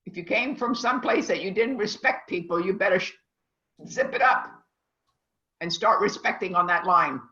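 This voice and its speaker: A woman culinary instructor teaches a class over a video call, rambling and emphatic in a teacherly way. Her medium-pitched voice is pushed and bright, fairly quick with few pauses. The lo-fi audio sounds echoey and dull.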